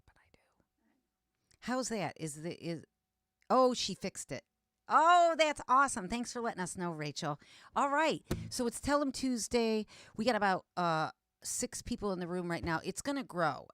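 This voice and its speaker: A woman's voice: lowish voice, clean tone. A woman hosting a casual livestream chat, chatty and laughing, restarting her sentences, on a close microphone with the stream audio doubling into an echo. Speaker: livestream host. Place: home studio in Georgia.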